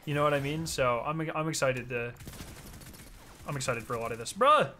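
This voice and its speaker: A young man streaming a game, chatting casually and excitably, with frequent swearing and sudden outbursts. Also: mid-range voice, fairly quick, a little hiss or hum. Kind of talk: casual gameplay commentary.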